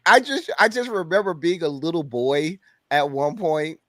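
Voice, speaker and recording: A man's voice: on the high side, normal speed, pushed and bright, dry recording, clean studio sound. A man from Miami with a Miami accent, a guest reviewer in a casual movie discussion, earnest and reflective, often restarting his sentences. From Miami, Florida.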